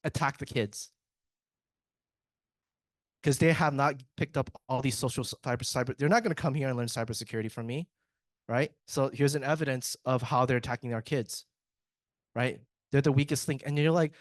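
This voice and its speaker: A man's voice: mid-range voice, normal speed, long pauses, no room sound. Chatty joking man giving a tech talk. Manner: joking, chatty, self-interrupting with restarts. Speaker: IT speaker at a tech summit. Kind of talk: casual conference presentation.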